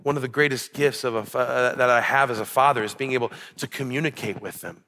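A man's voice: mid-range voice, fast, sharp tone. A young man preaching a sermon as pastor, earnest and building to emphatic peaks.

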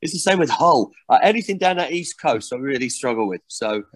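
A man's voice: medium pitch, animated, brisk, no echo. Man, actor guest, chatty with lots of restarts, dry close sound. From Barnsley, England. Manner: chatty, self-deprecating, many restarts. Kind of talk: casual interview chat.

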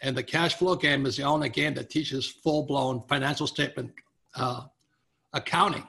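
A man being interviewed as a guest author, telling a story with lively quotes of the people in it. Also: medium pitch, moderate pace, creaky.

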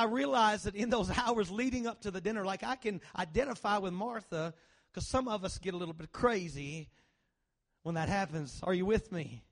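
A male pastor preaching a conversational sermon in a church, often questioning the congregation and restarting his phrases. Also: high voice. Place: church sanctuary.

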